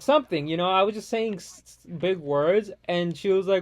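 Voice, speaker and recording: A man's voice: sits high, a little fast, hardly any pauses, slight background noise. A man ranting casually and profanely over gameplay, rambling from one gripe to the next. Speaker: gaming vlogger.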